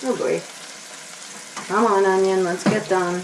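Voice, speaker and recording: A woman talks her viewers through a recipe in a slow, rambling, friendly way, chatting to herself as she cooks. She is recorded in a roomy home kitchen, a bit back from the mic. Onions sizzle softly in the pan. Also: medium pitch, fairly even intonation, far from the mic, background noise. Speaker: cooking show host. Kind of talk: casual cooking demonstration for kids.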